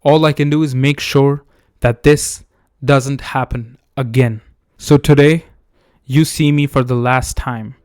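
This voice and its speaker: A man's voice: mid-range voice, steady tone, a little slow, a little mellow, no echo, studio quality, close to an everyday voice. A man voicing a grim male wrestler solemnly announcing his retirement. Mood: remorseful. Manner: solemn, remorseful.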